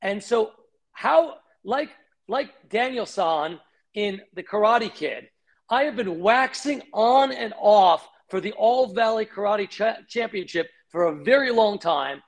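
A middle-aged man, a company founder, telling career stories in an interview, fast and animated, acting out the voices of people he quotes. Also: high-pitched.

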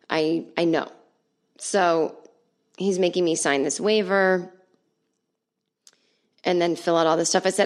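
A woman from Los Angeles telling a comedy story at home on her podcast, chatty and sarcastic and swearing freely. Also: on the low side.

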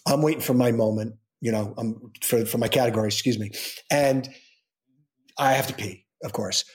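This interview guest is a man whose voice sits at medium pitch and moves at a normal speed. He spins a long, casual personal tale that keeps restarting, acting out the lines people said.

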